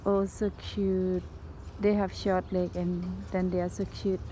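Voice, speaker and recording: A woman with a lowish, dark-toned voice speaks slowly and flatly while feeding stray animals outdoors at a pagoda. Her casual vlog commentary is in simple non-native English, mixed with coaxing baby talk cooed to the animals. The rough recording carries outdoor background noise.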